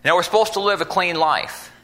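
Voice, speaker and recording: A man's voice: high voice, a little fast, fairly bright tone. A man preaching an informal sermon in a folksy, conversational way, acting out little scenes as he goes.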